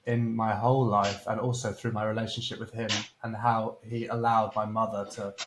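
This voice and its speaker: A man with a fairly low voice who hosts a podcast. He talks gently and sympathetically, with the odd hesitant "uh". There is a faint hiss of noise behind him. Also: flat delivery, normal speed. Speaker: podcast host. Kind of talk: casual interview chat.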